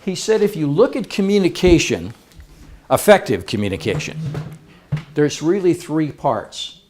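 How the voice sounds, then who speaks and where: A man's voice: fairly high pitch, sing-song, unhurried, noisy background. A man speaking to a live seminar audience, playful and engaging, asking the crowd questions as he goes.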